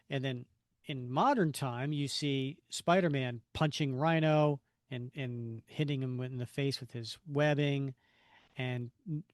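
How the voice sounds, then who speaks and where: A man co-hosts a casual podcast and walks through a comic book story at an unhurried pace. His voice sits close and dry, with no room sound around it. He drops his voice low when he quotes the characters. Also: no echo. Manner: retells the story with quoted lines in a lowered voice. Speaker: podcast co-host.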